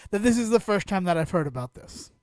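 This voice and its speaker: A man's voice: high voice, expressive, quick pace, a little mellow, no room sound, clean studio sound. A man co-hosting a podcast in casual chat, jokey, laughing often, with a playful mock outrage. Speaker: podcast co-host.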